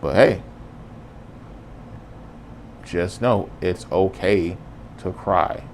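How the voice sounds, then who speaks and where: A man's voice: deep voice, very slow, slight background noise. A man hosting a podcast, talking on his own in an earnest, casual and reflective way. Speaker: podcast host. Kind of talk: solo podcast monologue.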